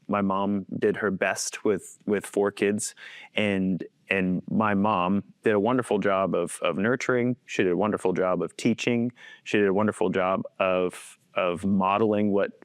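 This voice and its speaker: Thirties guy coaching type, lowish voice, dry close sound, tells stories earnestly and chuckles a lot. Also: fairly even intonation, moderate pace, smooth, no room sound. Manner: earnest, chuckles often while telling stories. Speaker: podcast guest, faith-based coach. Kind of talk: personal storytelling in conversation.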